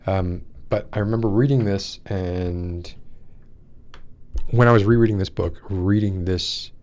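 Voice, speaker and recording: A man with a fairly low voice hosts a live podcast. He talks in a loose, meandering way, full of ums and restarts, and breaks off to greet viewers in the chat before reading aloud. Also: measured pace, a little mellow. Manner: rambling, many fillers, greets live chat. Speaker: podcast host. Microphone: wears in-ear monitors.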